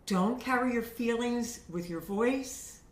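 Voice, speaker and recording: Her voice is on the high side and she takes it slowly, sitting far from the microphone in an echoey room. A vocal coach, she talks to camera chattily and encouragingly, sharing voice tips and often checking "okay?".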